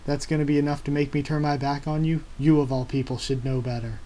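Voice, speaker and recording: A man's voice: a little high, little pitch movement, fast talker, dark tone, natural voice. A man reading as a stubborn young pirate captain. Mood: defiant.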